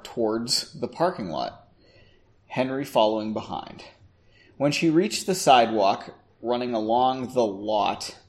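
A man's voice: medium pitch, darkish tone. A man casually reading a story aloud, stumbling over words and cracking self-mocking asides. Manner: self-mocking, stumbling, clears throat often. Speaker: amateur reader.

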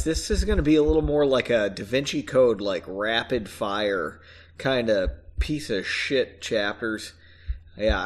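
A young man hosting a podcast, reading a book aloud and mocking it in a sarcastic, rambling way, laughing and swearing often. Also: on the high side. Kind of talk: casual podcast chat and mocking read-along.

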